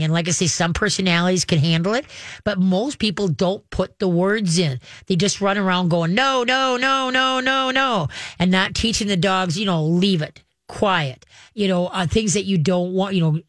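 A woman's voice: on the low side, no room sound, clean studio sound. A woman dog trainer, a guest giving casual advice in a folksy, rambling way. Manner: folksy and rambling, acts out dogs and owners.

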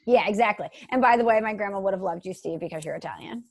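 An earnest woman in her thirties, chatting casually as a co-host. She tells her stories in an animated, heartfelt way, with a voice of middling pitch. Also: fast talker. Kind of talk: casual chat.

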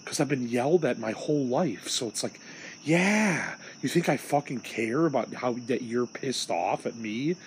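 A man's voice: mid-range voice, normal speed, few pauses, a little hiss or hum, low-quality recording. A young man from Illinois hosting a solo podcast, venting in a rambling, profane, agitated way. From Illinois, USA. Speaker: podcast host.

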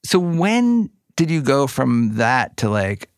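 A man's voice: mid-range voice, big pitch swings, takes it slowly, dry recording, clean studio sound. A man hosting a casual interview, asking joking questions and giving brief responses. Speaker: host.

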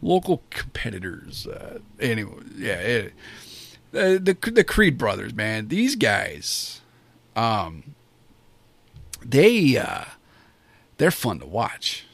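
A man talking through a wrestling show review in a loose, rambling way, full of fillers and restarts. His pitch sits in a middle range for a man, and the sound is dry and close, with no room around it. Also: wildly swooping pitch, takes it slowly, vocal fry, pauses often, fairly bright tone, no room sound. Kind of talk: casual spoken review.

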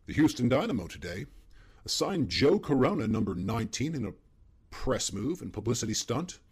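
A mock male news anchor reads a bulletin in a formal announcer cadence, put on by a man. His voice is strongly raspy and swings widely in pitch. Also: big pitch swings, normal speed. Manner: announcer-style delivery.

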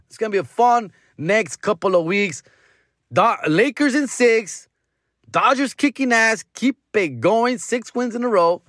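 A man, a comedian hosting his podcast, telling a story in an animated, slangy, profane way on a close mic. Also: high-pitched, no echo. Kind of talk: casual storytelling.

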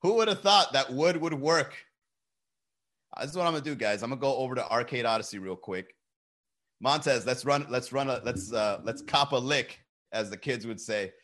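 A man's voice: mid-range voice, fairly quick, a bit bright. A young man chatting casually on a live stream, telling loose, profane stories and laughing often.

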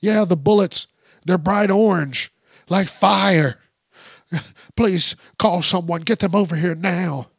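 A shrill, fussy old lady caller in a high, fluttering voice, as a man puts her on. She frets and pleads in a panic. The sound is close and dry. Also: slow pace, creaky, slightly rough, dry recording, full character voice. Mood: panicky. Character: frantic elderly woman calling police.

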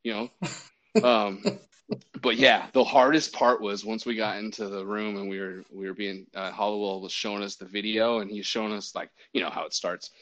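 Heard through dull lo-fi audio, a man with a fairly low pitch speaks at a moderate pace. He's a baseball umpire telling a casual, animated story, full of restarts and quotes he acts out.

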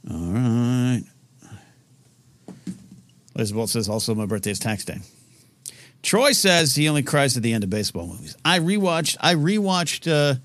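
A male host chatting on a live call-in show. He rambles, stalls on fillers and restarts his sentences. His voice sits at a middling pitch and sounds dry and close. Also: a bit bright, no echo. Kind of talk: casual live-stream chat.

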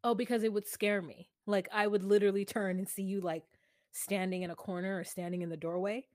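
A woman co-hosting a podcast in casual chat, telling animated stories and laughing often. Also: mid-range voice, a little fast, no room sound, clean studio sound. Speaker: podcast co-host.

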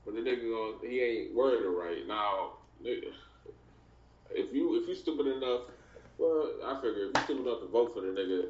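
A man co-hosting a podcast in casual political banter, talking in a halting, slangy, profane way. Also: medium pitch. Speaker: podcast co-host. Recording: distant, roomy, dull lo-fi sound.

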